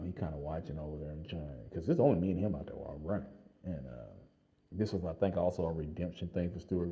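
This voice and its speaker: A man with a very deep voice tells a story from his own life as a casual vlog. He talks in an animated way, laughs often and leans on fillers. The sound is dull and slightly lo-fi. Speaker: vlogger telling a personal story.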